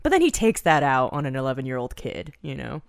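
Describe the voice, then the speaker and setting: A woman's voice: extremely low pitch, big pitch swings, quick pace, creaky, no echo, studio quality. A woman co-hosting a podcast who chats casually and explains things at length. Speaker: podcast co-host. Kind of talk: casual chat.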